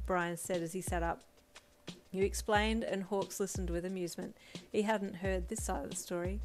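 A woman with a lowish voice narrates a second-person fan story, calm and even. Faint lo-fi drum music plays under her. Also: moderate pace. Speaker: fanfiction reader.

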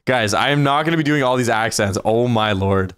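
A man's voice: mid-range voice, fairly quick, a bit bright, clear, resonant tone, dry recording, studio quality. A man hosting a casual gaming livestream, chatting playfully and reading out donations. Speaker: livestream host.

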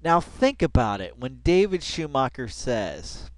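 Casual, excitable male reaction host, dry close sound, midrange voice, talking into a headset at home, constant "dude"s and bursts of laughter. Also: medium pitch, unhurried, no room sound.

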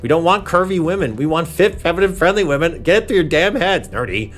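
A man's voice: high-pitched, fast. A man hosting a reaction commentary show, talking in a sarcastic, exasperated way and addressing people as ma'am. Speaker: commentary channel host.

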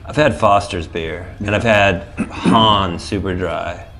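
A man in a band, teasing his bandmate in a relaxed backstage interview. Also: low-pitched, takes it slowly, soft background music. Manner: laid-back, teasing. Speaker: band member. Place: backstage at a venue.

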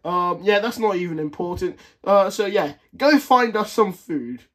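A goofy young hero, played by a man in a homemade comedy movie. He rambles chattily to the viewer in a high voice, full of fillers. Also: lively intonation, a little slow, a bit bright. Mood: chatty. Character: goofy young male hero who breaks the fourth wall.

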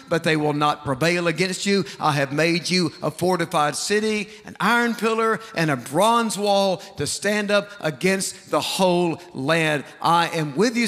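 Male pastor, high voice, emphatic sermon delivery, big church echo. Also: a bit bright. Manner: emphatic preaching with repeated phrases and scripture quotes. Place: large church sanctuary. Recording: long hall reverb.

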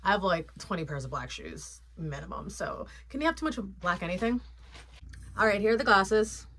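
A woman's voice: medium pitch, expressive, brisk, a bit bright, slightly rough. Chatty woman vlogger showing off sunglasses. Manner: chatty, playful, lots of fillers. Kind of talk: casual haul chat.

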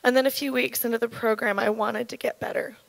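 A woman in her thirties giving an earnest, halting personal testimony at church, her voice shaken with emotion. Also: fairly high pitch, steady tone, gravelly, no room sound, low-quality recording. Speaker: church speaker sharing testimony.

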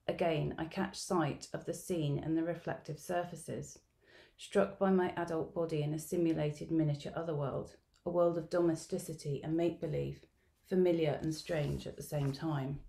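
A middle-aged woman researcher reading a field-note narrative aloud at an academic symposium, in a measured, reflective storytelling manner. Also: low voice, fairly even intonation, vocal fry, dark tone. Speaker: education researcher presenting at a symposium.

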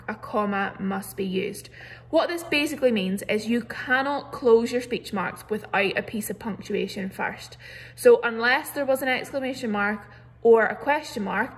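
A woman teacher, patiently explaining a grammar lesson over a computer mic with many "so"s and "um"s. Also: mid-range voice. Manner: clear, patient explaining with frequent "so" and "um". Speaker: primary school teacher. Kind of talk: recorded online grammar lesson.

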